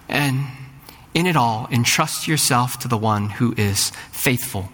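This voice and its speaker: A man's voice: mid-range voice, a little slow, fairly bright tone. A middle-aged man preaching a sermon in a church sanctuary, earnest and building to fervent rising peaks, often repeating words as he starts a thought. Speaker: pastor. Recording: long hall reverb.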